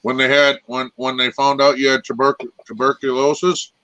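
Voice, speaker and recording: Wry guy co-hosting, bright pushy voice, dry close sound. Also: mid-range voice, level tone, normal speed, no echo, rough recording. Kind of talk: casual chat.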